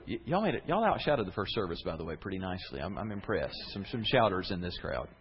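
Man, pastor, sermon, husky, dull muffled sound. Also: medium pitch. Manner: earnest, conversational preaching to a congregation. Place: church sanctuary with congregation.

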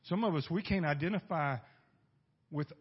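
Husky preacher man, loud then hushed. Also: a little high, normal speed. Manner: emphatic preaching with sudden swings between loud and hushed; asks the congregation rhetorical questions. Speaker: pastor. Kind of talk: sermon. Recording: dull lo-fi recording.

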